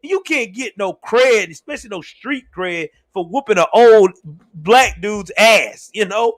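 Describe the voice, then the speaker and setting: Laughing, animated young man telling stories. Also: high-pitched, measured pace, no room sound. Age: young adult. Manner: laughs often, animated, swears freely. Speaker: show host. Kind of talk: casual storytelling livestream.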